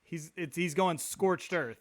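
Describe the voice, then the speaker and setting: A man's voice: fairly high pitch, a little slow, a little hiss or hum. Laughing, rambling male podcast host. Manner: rambling storyteller, acts out quoted voices, laughs often. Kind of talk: casual chat.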